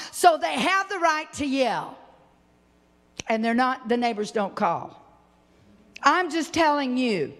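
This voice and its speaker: A woman delivers a fervent sermon in a high voice, bursting into shouts of praise and playfully voicing her listeners' objections. Her voice carries a long reverb, as if filling a large church hall. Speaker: preacher.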